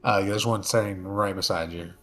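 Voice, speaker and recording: A man narrating as game master, casual and full of fillers, slipping into quick character lines. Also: sits low, steady tone, gravelly, fairly bright tone, soft background music.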